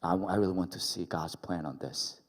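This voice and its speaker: A man's voice: low-pitched, normal speed. A man voicing a young man who earnestly and apologetically asks about his career, in a reverberant worship hall.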